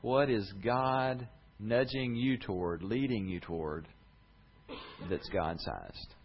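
A man's voice: fairly low pitch, animated, slow, slightly rough, lo-fi sound. A man preaching a sermon to his congregation, earnest and conversational. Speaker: pastor. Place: church sanctuary with congregation.

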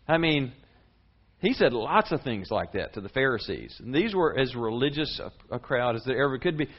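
A man preaching a sermon as a pastor, conversational and lively, with big rises and drops in his voice. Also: normal speed, highs cut off. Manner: lively, conversational preaching with sharp swings in pitch and volume.

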